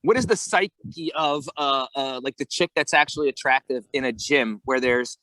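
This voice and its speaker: A man co-hosting a podcast in casual chat, an animated storyteller who acts out voices and swears. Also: medium pitch, normal speed, no echo, rough recording. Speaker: podcast co-host.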